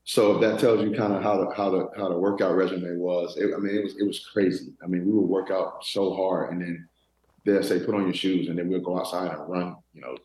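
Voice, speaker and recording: A man in his thirties, a former football player from Florida, telling stories in a relaxed interview with many restarts. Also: low-pitched, fairly quick, reverberant, rough recording. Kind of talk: casual interview talk.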